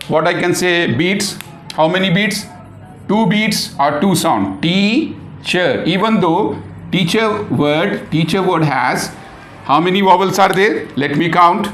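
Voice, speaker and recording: A man teaching an English lesson, who spells words out letter by letter and asks questions he then answers himself. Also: on the high side. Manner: slow, repeats words and spells them out letter by letter. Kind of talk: classroom lesson. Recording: echoey room.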